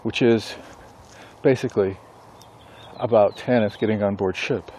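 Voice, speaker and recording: A man who writes books and teaches a class, talking casually and thinking aloud with pauses and self-corrections. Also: lowish voice, fairly even intonation, dark tone, slight background noise. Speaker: author and instructor. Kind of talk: casual rambling monologue.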